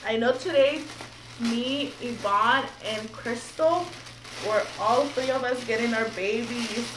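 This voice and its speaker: A young woman chatting excitedly to camera while unboxing something at home, nervous and giggly. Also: a little high, slow. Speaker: vlogger. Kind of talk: casual unboxing chat to camera. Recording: echoey room, mic a bit distant, faint background noise.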